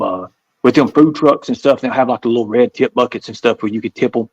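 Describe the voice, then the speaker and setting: A man's voice: mid-range voice, fast talker, no echo, low-quality recording. A man from the American South with a Southern accent, a guest telling stories in a casual interview, rambling and repeating himself. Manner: rambling, repeats words, acts out voices in stories.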